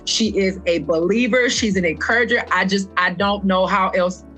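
Woman, fitness instructor, podcast guest, earnest, emphatic, repeats phrases, mid-pitched voice. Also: moderate pace, a bit bright, soft background music. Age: adult past her twenties. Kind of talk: heartfelt podcast conversation.

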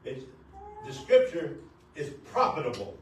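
An older man, married nearly fifty years, preaching a sermon as pastor, at times rising to shouts. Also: mid-range voice, wildly swooping pitch, unhurried. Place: church sanctuary. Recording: very echoey church hall, distant mic, noisy.

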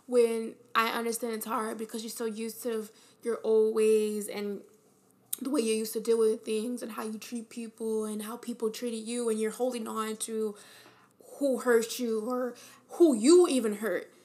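A woman with a slightly high voice speaks in an earnest, encouraging tone, delivering a motivational monologue as a podcast host. She talks casually, with fillers, and repeats her key phrases for emphasis. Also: steady tone, a little slow, darkish tone.

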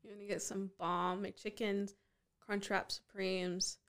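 Opinionated female co-host, teasing, mid-pitched everyday voice. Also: flat delivery, takes it slowly, a bit bright, clear, resonant tone. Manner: opinionated, teasing, talks over her partner. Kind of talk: casual chat.

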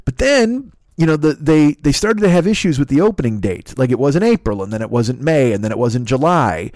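A man's voice: mid-range voice, very animated, fairly quick, darkish tone, no echo, studio quality. A man from Chicago hosting a podcast from home, delivering a profane, exasperated comedic solo rant. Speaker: podcast host. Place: his home.

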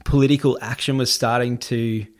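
A young man tells a story as a guest in a relaxed interview. His voice sits at an ordinary middle pitch, and he rambles loosely, with plenty of "like" fillers. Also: moderate pace. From Australia. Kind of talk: casual storytelling.

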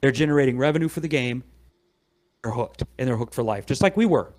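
A middle-aged man, a guest on a podcast, tells an animated story in a casual chat, acting out the people he quotes. He talks fast, and his pitch sits in the middle for a man.

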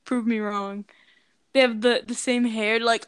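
Giggly high-voiced woman chatting. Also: little pitch movement, measured pace, smooth, no room sound. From United States. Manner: giggly, teasing. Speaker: co-host. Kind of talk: casual chat.

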